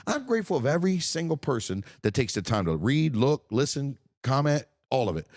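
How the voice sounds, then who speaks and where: Male podcast host, casual chat, swears freely and rants emphatically, mid-pitched voice, dry sound. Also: sing-song, a little fast, few pauses, a little mellow, dry recording. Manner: profane, ranting and emphatic.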